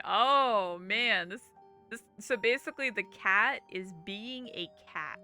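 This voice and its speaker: A woman's voice: a little high, takes it slowly, sharp tone, faint music behind. A woman streamer chatting casually while playing a visual novel, giggling often and reading game text aloud. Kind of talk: casual gaming commentary.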